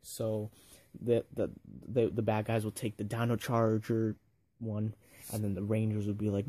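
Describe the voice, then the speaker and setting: A man's voice: on the low side, completely flat delivery, unhurried, warm tone, dry recording. A young man giving a casual, rambling video review, full of fillers and enthusiasm.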